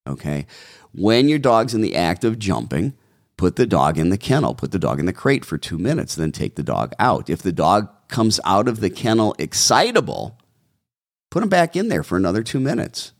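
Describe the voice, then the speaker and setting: A man's voice: fairly low pitch, sing-song, moderate pace, no echo, studio quality. A man, a dog trainer, answering viewer questions in a direct, coaching way and repeating key instructions.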